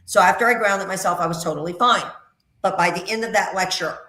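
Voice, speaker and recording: A woman's voice: on the low side, brisk, pushed and bright, roomy sound. A middle-aged woman working as a psychic medium on a call-in radio show, talking in a chatty, emphatic way and repeating her phrases. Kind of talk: casual radio call-in readings.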